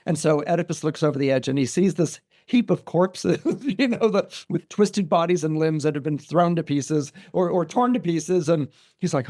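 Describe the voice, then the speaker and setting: Animated man retelling a myth. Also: a little high, moderate pace. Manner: animated, many restarts and asides. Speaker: guest astrologer. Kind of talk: casual podcast storytelling.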